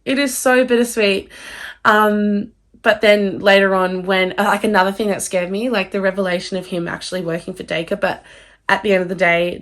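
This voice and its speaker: A young woman in her twenties, gushing about a book in an excitable, casual vlog outro at home, swearing freely. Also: medium pitch. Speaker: book vlogger.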